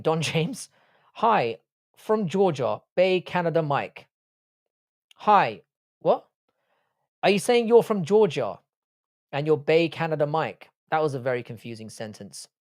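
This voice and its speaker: A man's voice: on the high side, very animated, measured pace, pauses often. A young English man with an English accent, hosting a livestream and chatting bluntly with swearing while reading viewer comments. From England. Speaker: livestream host.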